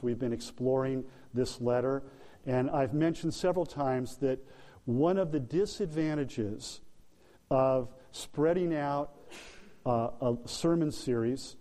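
A man's voice: mid-range voice, dark tone, long reverb tail. A man preaching a sermon as pastor, talking informally with fillers and restarts. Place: church sanctuary.

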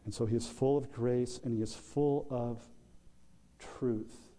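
A man preaching a sermon as pastor, slow and deliberate, with emphatic pauses. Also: medium pitch, steady tone, mellow. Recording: long hall reverb.

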